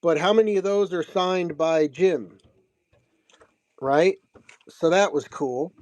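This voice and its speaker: Speaking slowly in a fairly high voice with a darkish tone, a man gives a casual show-and-tell of signed comics and prints. He laughs and chats through the story, often repeating himself, with no room sound in the recording.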